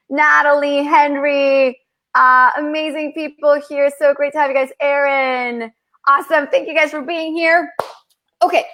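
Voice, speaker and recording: A woman's voice: high voice, fairly bright tone. A woman hosting a live online interview, upbeat and greeting viewers by name. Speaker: interview host.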